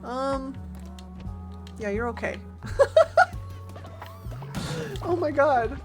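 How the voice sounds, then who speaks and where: Woman streamer, casual game commentary, animated pitch, lots of loud reactions. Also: a little slow, faint music behind. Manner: chatty, reacts loudly and talks to chat and game followers.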